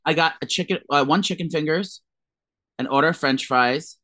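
A man with a slightly high, bright, forceful voice co-hosts a podcast, recorded with no room sound. He chats casually and rattles off gossip in fast, dramatic stories.

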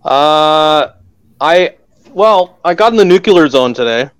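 A man's voice: fairly high pitch, animated, takes it slowly, clear, resonant tone, no echo. A man from Canada, a guest telling a heated, profane story in casual chat.

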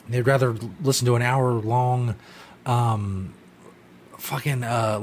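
A man hosting a podcast, giving profane, ranting commentary in a casual talk. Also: medium pitch. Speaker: podcast host.

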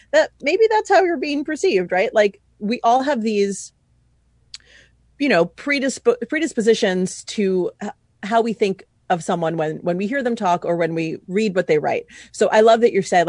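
A lively woman host from New York City chats about business, acting out the people she quotes. Her voice is mid-pitched and recorded close and dry, with no room sound. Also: no echo. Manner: animated, acts out quoted speech. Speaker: podcast host, wedding planner. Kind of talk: casual business chat.

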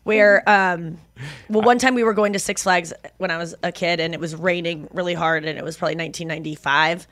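A woman in her thirties co-hosting a podcast, chatting casually with quick, teasing remarks and easy laughter. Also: fairly low pitch, fairly even intonation, a bit bright. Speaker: podcast co-host. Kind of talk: casual chat.

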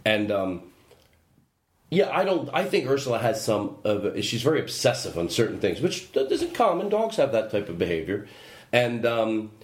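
A man's voice: medium pitch, sing-song, normal speed. A man hosting a podcast in casual chat, telling a story in a rambling way that keeps interrupting itself. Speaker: podcast host. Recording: roomy with faint background noise.

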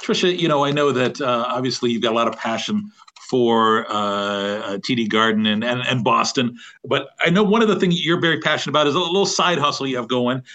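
A man's voice: medium pitch, fairly quick, sharp tone. A man hosting a podcast interview, upbeat with easy questioning. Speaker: podcast host.

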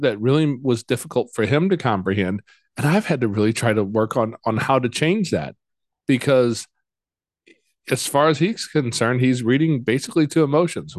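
A man hosting a casual interview, talking in a relaxed, halting way and often repeating his words. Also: medium pitch, dry recording, clean studio sound. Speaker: podcast host.

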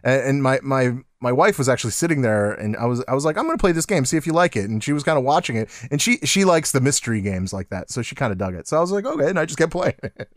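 Animated man chatting about games. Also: medium pitch, fast talker, no echo, clean studio sound. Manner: animated, laughing, mimics voices in quotes. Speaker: podcast co-host. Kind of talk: casual gaming chat.

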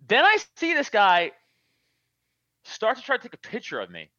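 A man's voice: high voice, sing-song, unhurried, pauses often, pushed and bright, no echo, highs cut off. A man telling a profane, laughing story in casual chat.

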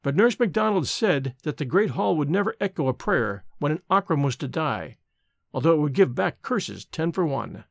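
Guy narrating a spooky old story, bit higher voice, dry recording. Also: normal speed, gravelly, no room sound. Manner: expressive, dramatic reading. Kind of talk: audiobook reading of a gothic story.

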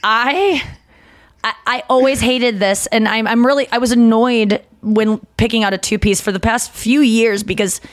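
A woman's voice: fairly high pitch, fairly even intonation, moderate pace. A young woman co-hosting a podcast, chatting casually in a blunt, profane, self-mocking way. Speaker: podcast co-host. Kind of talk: casual chat.

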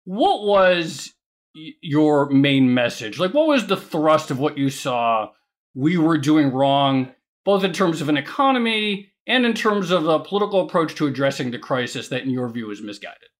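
A man's voice: a little high, animated, normal speed. A man co-hosting an interview, chatty, asking questions with restarts. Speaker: co-host.

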